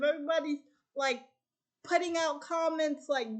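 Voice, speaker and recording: A woman's voice: sits high, normal speed. A woman hosting a chat show, casually retelling a film's plot by chaining events together with "and then.". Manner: strings events with repeated "and then". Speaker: host.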